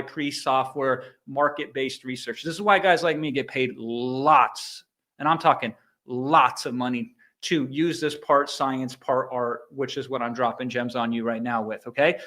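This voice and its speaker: A middle-aged American man giving an energetic motivational business talk, emphatic and animated. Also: a little high. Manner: animated, emphatic, mimics sound effects. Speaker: guest speaker on a live business training.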